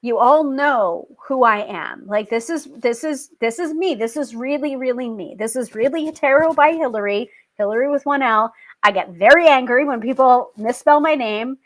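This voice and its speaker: Chatty higher-voiced woman host. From family British. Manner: chatty, animated, quick laughs and mock voices. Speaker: tarot reader and show host. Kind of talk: casual talk to viewers.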